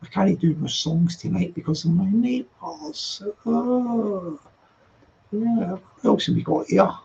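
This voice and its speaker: Chatty male streamer with a high, gravelly voice; teasing, laughs a lot; dull lo-fi sound. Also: expressive, takes it slowly, darkish tone. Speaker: live stream host reading chat. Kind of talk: casual late-night chat.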